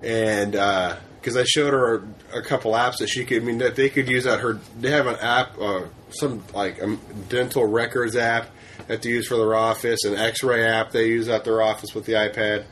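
An easygoing man with a mid-range voice co-hosts a podcast. He rambles through his thoughts with plenty of fillers and restarts, relaxed and conversational. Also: medium pitch, moderate pace, slight background noise. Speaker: podcast co-host. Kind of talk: casual chat.

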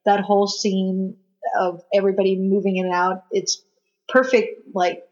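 A woman co-hosting a casual film podcast, gushing and animated, acting out lines as she talks. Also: mid-range voice, normal speed. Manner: gushing, animated, acts out quotes. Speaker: podcast co-host. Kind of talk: casual film discussion chat. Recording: dull lo-fi sound.

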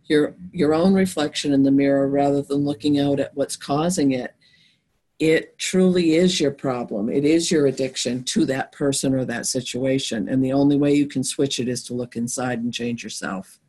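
A woman's voice: rumbling low, fairly even intonation, moderate pace, warm tone, rough recording. A woman podcast host talking in an earnest, reflective way in a casual conversation.

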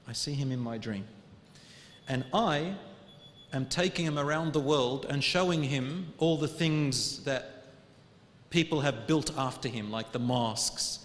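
Man preaching in an echoey hall. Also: a little high. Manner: earnest, swings between loud urging and hushed quiet; sprinkles Arabic religious phrases. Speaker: Islamic preacher. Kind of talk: emotional sermon storytelling.

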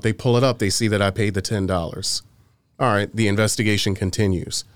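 A man's voice: fairly low pitch, normal speed, smooth, dry recording. A man casually telling a story on a podcast, acting out what others said and swearing freely. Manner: animated, acts out quoted exchanges, swears freely.

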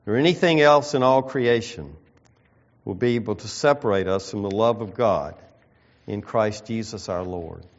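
Emphatic preacher, lively pitch, lo-fi sound. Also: male voice. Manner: emphatic preaching with slow stressed phrases. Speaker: pastor. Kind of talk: sermon. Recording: dull lo-fi sound.

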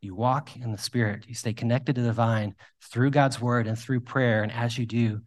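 A man preaching a sermon, telling self-deprecating personal stories in a conversational, animated way. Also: mid-range voice, normal speed. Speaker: pastor.

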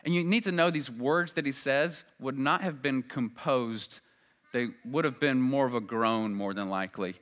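A male preacher delivering a sermon with a bright, forceful tone. He speaks earnestly, and his voice rises loud and high when he stresses a point. His pitch sits in an average range for a man. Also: moderate pace. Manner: earnest, swells loud and high at emphatic moments.

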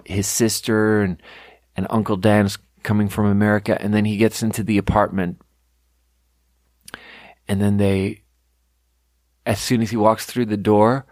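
Podcast host, young man from Sweden, lowish voice, meandering profane storyteller, dead-dry close recording. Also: no echo. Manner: rambling, profane, self-deprecating storytelling. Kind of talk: casual monologue. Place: home room.

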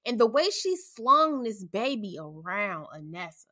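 A woman co-hosting a podcast, ranting angrily in casual, profane commentary with loud bursts. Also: medium pitch, very animated, measured pace. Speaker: podcast co-host.

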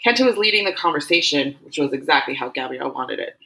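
Female audiobook narrator, steady delivery, slightly low pitch. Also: quick pace, gravelly, few pauses, poor audio. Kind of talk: scripted narration.

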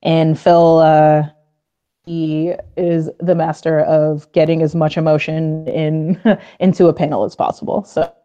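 A woman guest on a podcast, talking in a bubbly, gushing way that is full of fillers. Her voice sits lowish and sounds mellow and soft-edged, and the audio is dull and lo-fi. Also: flat delivery, unhurried. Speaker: comic book writer, guest. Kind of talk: casual podcast interview.

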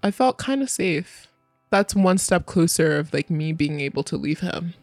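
A woman's voice: fairly low pitch, lively intonation, moderate pace, a little mellow, no echo, faint music behind. A young woman frankly telling her own story in casual, candid speech, full of fillers and swearing.

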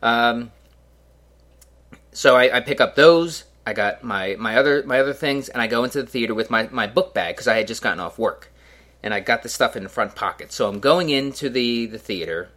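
Young male podcast host, bright voice, middle pitch, rambling and sarcastic. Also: normal speed. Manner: rambling, self-mocking, with sarcastic asides. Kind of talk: casual solo podcast monologue.

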